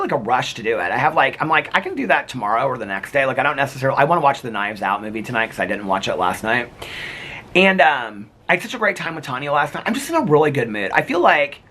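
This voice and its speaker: A man's voice: medium pitch, sharp tone, slight background noise. A man talking to camera in a casual, reflective vlog, rambling with lots of restarts and fillers. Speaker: vlogger.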